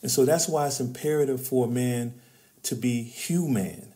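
Mellow-voiced man preaching about emotions. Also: medium pitch, moderate pace. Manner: preacherly, rises to emphatic peaks, addresses host as brother. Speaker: author and men's trainer, guest. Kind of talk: podcast interview.

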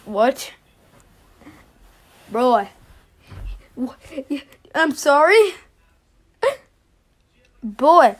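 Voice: sits high, big pitch swings, very slow, pauses often, a bit bright. A reaction video host giving casual commentary, stammering and swearing in exasperation.

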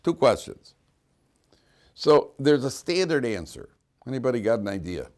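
A man's voice: medium pitch, sing-song, moderate pace, darkish tone. A man teaching a class as a rabbi, talking informally, questioning students and cracking jokes, with frequent restarts.

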